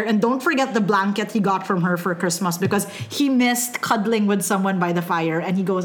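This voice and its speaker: Woman podcast co-host, casual and effusive, salty language, mid-pitched voice. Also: lively intonation, moderate pace, few pauses. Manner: gushing, profane, acts out quotes. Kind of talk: casual chat.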